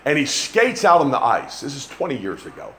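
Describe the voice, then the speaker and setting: A man preaching a sermon, climbing to loud emphatic peaks and dropping back to low, quiet asides. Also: very animated, fairly quick, slight background noise. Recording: echoey room with faint ambience.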